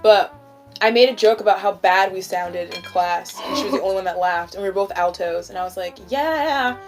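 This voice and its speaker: Young woman, casual chat host, giggly, rambling, mid pitch, faint music underneath. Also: fairly quick. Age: young adult. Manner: giggly, rambling, full of "like" fillers. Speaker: channel host. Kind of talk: casual chat during a stoned mukbang.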